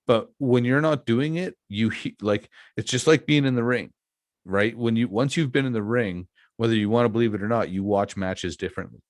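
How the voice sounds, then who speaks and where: A man's voice: mid-range voice, brisk, no room sound, clean studio sound. A middle-aged man hosting a podcast, chatting candidly and telling reflective stories about his past work. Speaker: podcast host. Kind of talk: casual podcast chat.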